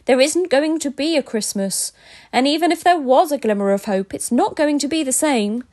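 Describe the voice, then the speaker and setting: A woman's voice: sits high, lively intonation, normal speed, a little mellow, voice pushed up. Storybook Father Christmas: elderly, mournful, wailing, read by a woman. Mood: despairing. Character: despairing old Father Christmas, worn out.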